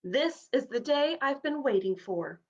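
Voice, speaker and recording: A woman's voice: a little high, sing-song, a little slow, muffled recording. A woman voicing a proud, snobbish male war horse in a storybook reading, with a haughty, pompous manner. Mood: boastful.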